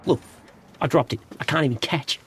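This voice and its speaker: A man in his thirties with an Australian accent moans in a gloomy, self-pitying voice, pitched a little high. Faint street and room ambience sits behind him in this scripted sitcom scene. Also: a little fast, a bit bright, slight background noise. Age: 30s. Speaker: comedic character in a sitcom scene.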